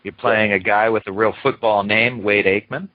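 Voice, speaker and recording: A man's voice: on the low side, steady tone, moderate pace, no echo, narrow, tinny audio. A man hosting an interview, asking questions in an easygoing, conversational way. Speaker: interview host.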